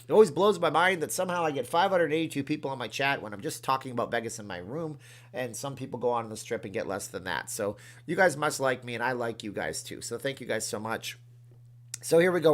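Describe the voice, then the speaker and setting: Streaming casually from his room, a man with a medium-pitched voice chats with viewers, reading out their comments and thanking them excitedly.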